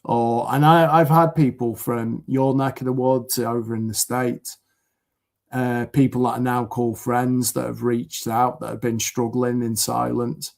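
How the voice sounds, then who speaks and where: A man's voice: mid-range voice, flat delivery, a little slow, gravelly, a little mellow. A man from the UK, a podcast guest, talking in an earnest, rambling way with many fillers over a video call. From United Kingdom. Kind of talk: casual chat.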